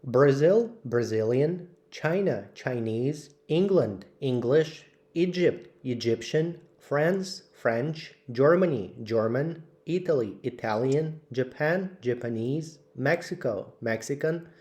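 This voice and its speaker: A man slowly reading out English vocabulary lists for learners, word by word with clear pauses. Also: mid-range voice, animated, a little mellow. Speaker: English teacher. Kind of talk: slow vocabulary drill.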